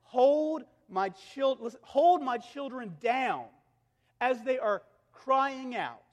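A man in his thirties preaching a sermon as a pastor, earnest, moving between emphatic passages and hushed, intimate ones. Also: very high voice, expressive, slow. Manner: earnest, swings from loud and emphatic to hushed, intimate near-whispers. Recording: long hall reverb.

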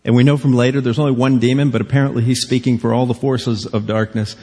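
A man's voice: medium pitch, fairly even intonation, quick pace, hardly any pauses, dark tone, husky. A male pastor preaching a sermon in a church, earnest and pressing his listeners with repeated direct questions. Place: church sanctuary. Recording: long reverb of a church hall.

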